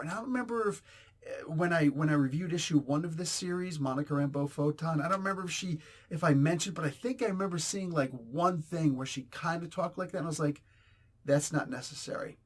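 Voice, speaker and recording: A man's voice: fairly high pitch, a little fast. Exasperated New comic reviewer, man. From New Jersey, US. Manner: exasperated, rambling, blunt. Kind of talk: casual ranting review.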